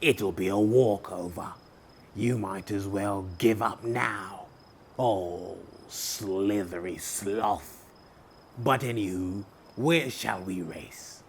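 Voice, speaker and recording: A man voicing a big, grumpy and boastful male bear in a storybook, speaking slowly and rudely. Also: on the low side, a little hiss or hum. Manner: slow, moaning and rude.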